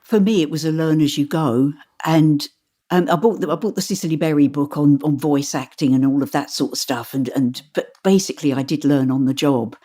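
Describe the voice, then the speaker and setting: Woman narrator, low voice, lively anecdotal delivery, loose interview. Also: a little fast. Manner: animated, stumbles and restarts while telling stories. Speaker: audiobook narrator. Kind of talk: interview answers.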